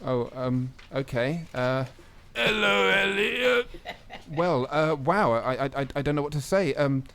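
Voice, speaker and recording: A man's voice: medium pitch, normal speed, clear, resonant tone. A man hosting a scripted comedy radio show, flustered and hesitant with many fillers, sometimes mock-solemn.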